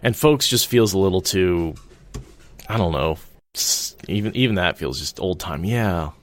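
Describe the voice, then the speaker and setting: Deep-voiced man, relaxed chat. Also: a little slow, slight background noise. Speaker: podcast co-host. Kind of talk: casual chat.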